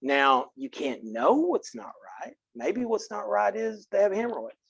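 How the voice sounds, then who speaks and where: A man from Texas teaching a college philosophy class, frank and earnest and quick to crack a joke, recorded on a close mic in a classroom. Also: high voice, sing-song, gravelly, a bit bright, husky, no room sound. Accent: Texan. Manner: earnest, frank, joking, speaks directly to students. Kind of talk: classroom lecture.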